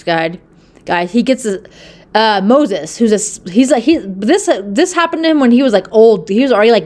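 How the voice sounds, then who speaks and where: A woman casually retelling a Bible story on her channel. She rambles, with lots of fillers and a tag question of "okay?". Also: mid-range voice. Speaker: Bible video host.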